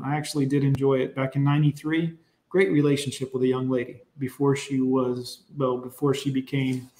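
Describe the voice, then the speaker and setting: A man's voice: on the high side, darkish tone, echoey room. A man hosting a live stream, reacting to clips and reading chat in a blunt, profane, preachy way. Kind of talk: casual live-stream commentary.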